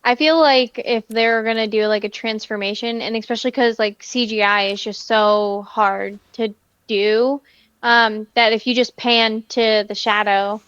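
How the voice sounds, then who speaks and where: A woman co-hosting a casual pop-culture podcast, quick and upbeat with short agreeing replies. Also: a little high, steady tone, a bit bright, clean tone, dry recording, lo-fi sound. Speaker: podcast co-host.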